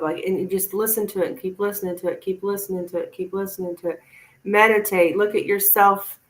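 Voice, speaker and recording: A woman's voice: mid-range voice, steady tone, a little fast, fairly bright tone, poor audio. A woman tarot reader giving a chatty, reassuring live-stream reading to a viewer.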